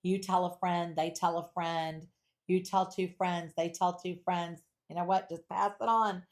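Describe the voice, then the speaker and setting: A middle-aged woman hosts a live jewelry sale with a chatty, playful energy. She talks straight to her viewers, reads their comments aloud and keeps the pitch lively and personal. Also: measured pace. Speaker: home shopping host.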